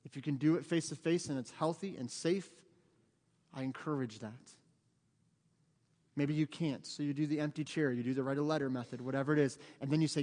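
Middle-aged us pastor guy, pleading sermon, voice a bit high, long echo in the church. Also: fast talker, darkish tone. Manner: earnest, pleading, building to emphatic peaks. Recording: long church hall reverb.

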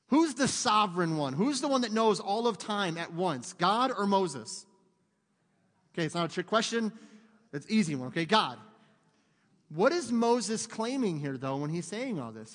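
A man preaching a sermon in an animated way, joking with the congregation and acting out voices. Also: sits high. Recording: long hall reverb.

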